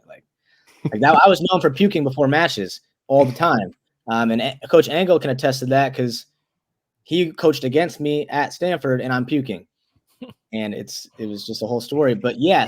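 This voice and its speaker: A young man in his twenties, a guest on an interview show, telling a story in a loose, animated way, restarting words and leaning on "like". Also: mid-range voice. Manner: animated storyteller, acts out quoted voices.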